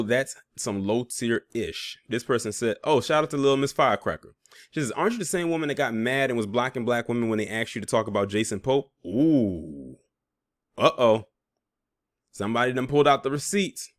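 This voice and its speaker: A man's voice: medium pitch, no room sound, clean studio sound. A man reading out social media posts and reacting with sarcastic, laughing asides, as host of a commentary channel.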